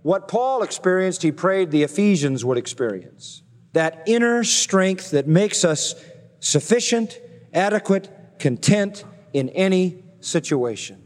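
A man preaching an expository sermon, building emphatic repeated phrases and slowing down to stress key words. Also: high voice, very animated, big-room sound. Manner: emphatic, repetitive cadences with slow stressed phrases. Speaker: pastor.

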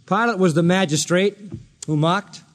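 A man with a high, bright-toned voice preaches a sermon. He acts out the people he quotes, swinging his pitch up and down for drama. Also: moderate pace. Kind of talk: expository sermon.

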